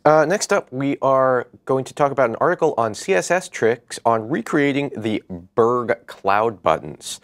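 A man's voice: medium pitch, animated, measured pace, hardly any pauses, no room sound. A man co-hosting a web development show, talking through tools in an enthusiastic, conversational way. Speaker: co-host. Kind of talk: casual tech show chat.

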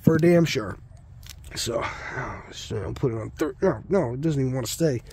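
A man's voice: medium pitch, fairly quick, creaky, warm tone, breathy edge. A sick man talking casually and a bit crudely as he opens card packs at home, breathing hard and short of breath. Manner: rambling, crude, muttering under his breath. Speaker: card-opening channel host. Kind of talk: casual pack-opening commentary. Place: home basement room.

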